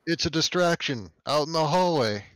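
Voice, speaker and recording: A man playing in a tabletop game, joking and giving quick commands. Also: a little high, animated, no room sound. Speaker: player. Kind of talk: casual tabletop game chat.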